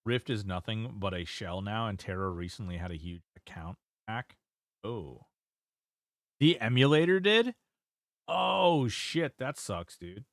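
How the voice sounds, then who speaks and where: A man's voice: on the low side, lively intonation, measured pace, dry recording, clean studio sound. A man streaming a game, chatting casually, reading chat aloud and swearing now and then. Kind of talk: casual gameplay commentary.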